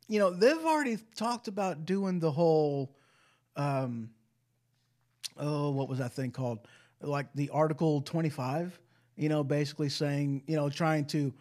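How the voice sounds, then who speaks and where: A man's voice: a little high, a little mellow. A man hosting a live call-in show, chatting casually in a rambling way and saying "you know" constantly. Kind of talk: casual live-stream chat.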